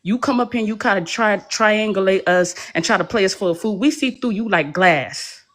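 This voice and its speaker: A woman's voice: medium pitch, brisk. Heated confrontational American woman. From United States. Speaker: panelist. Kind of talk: live audio panel debate.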